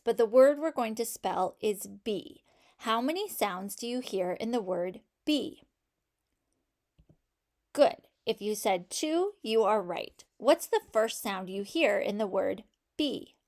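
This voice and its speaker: A woman's voice: mid-range voice, creaky, darkish tone. A woman teaching a phonics lesson to children, patiently sounding out each sound in a word and praising answers.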